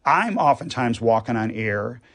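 A man's voice: mid-range voice, expressive, a little slow, fairly bright tone. A man, a priest, talking earnestly on a radio show and explaining with everyday examples. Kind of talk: radio conversation.

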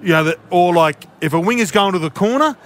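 Blunt Australian man, slightly high voice. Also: fast. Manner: blunt, animated, peppers talk with "mate". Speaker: former player turned radio commentator. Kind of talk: casual sports radio banter. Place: radio studio.

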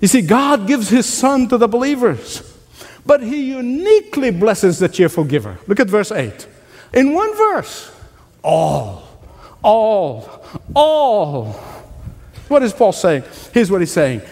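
A man preaching a sermon as pastor, animated, acting out voices and laughing as he goes. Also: high voice, slow pace. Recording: long reverb of a large hall.

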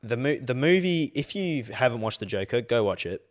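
A young Australian man co-hosting a podcast, chatting casually, swearing a lot and getting loud when worked up. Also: mid-range voice, big pitch swings, moderate pace. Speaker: podcast co-host. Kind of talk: casual chat.

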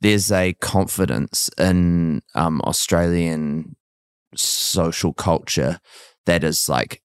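Deep, smooth New Zealand man. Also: slow pace, no echo, studio quality. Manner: thoughtful, hesitant. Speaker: musician guest. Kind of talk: casual chat.

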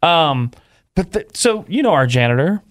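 A man's voice: on the high side, big pitch swings, moderate pace. A man from Northern California, a radio host joking and laughing through a casual chat with his co-host.

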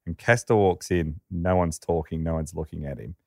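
A man telling a story on a podcast in a lively, chatty way. His voice is low, and the recording is dry and close. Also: moderate pace, creaky, no room sound. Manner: lively storyteller, quotes characters. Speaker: podcast co-host. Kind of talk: storytelling chat.

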